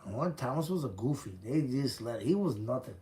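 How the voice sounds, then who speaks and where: A man's voice: mid-range voice, animated, brisk, mellow. A man in his fifties from the Chicago area, telling his own prison story in a blunt, profane, street-talk way. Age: 50s. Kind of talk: casual storytelling.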